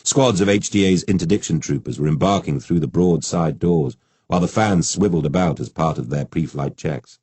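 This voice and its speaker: A man narrating an audiobook in a measured, even way. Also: deep voice, breathy edge, no echo. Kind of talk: scripted narration.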